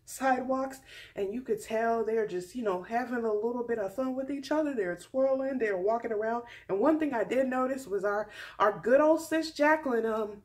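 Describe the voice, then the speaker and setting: A woman's voice: fairly high pitch, normal speed, a little mellow. A woman in her twenties giving a sassy, candid recap in a casual chat with playful asides. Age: 20s. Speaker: vlogger recapping a reality dating show.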